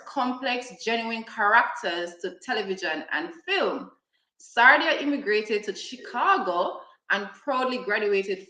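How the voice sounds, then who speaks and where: A woman hosts a live online talk, introducing her guest at an unhurried pace. Her voice is bright and somewhat high. The room around her sounds echoey. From Jamaica. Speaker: host.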